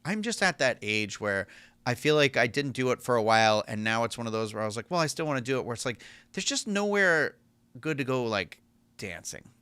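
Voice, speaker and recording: A man's voice: medium pitch, sing-song, brisk, sharp tone, clean tone, no room sound. A young man co-hosting a podcast, chatting casually with stammered restarts and then reading news announcements aloud. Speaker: podcast co-host.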